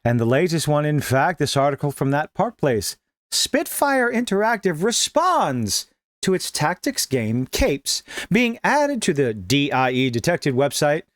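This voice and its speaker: A man giving sarcastic, emphatic gaming news commentary with dramatic pauses. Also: on the high side, sing-song, no echo, clean studio sound. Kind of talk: opinionated online commentary.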